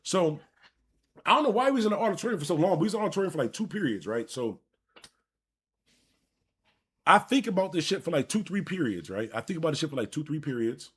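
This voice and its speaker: This Buffalo, New York streamer talks fast in a fairly high, husky voice, though he sometimes stops for long pauses. He rambles through a profane personal story, animated and speaking directly to his viewers in a casual storytelling style.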